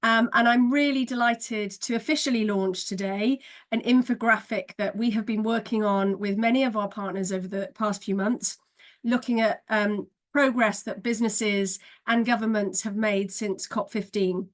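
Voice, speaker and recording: A woman communications director presenting findings on a webinar, earnest and steady with occasional fillers. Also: medium pitch, moderate pace.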